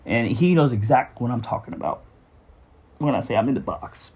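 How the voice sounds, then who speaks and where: Man, middle-aged, husky voice, mid pitch, halting personal storytelling, sighs, many restarts. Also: lively intonation, darkish tone. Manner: halting, with frequent fillers and restarts; earnest and sighing. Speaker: memoir storyteller.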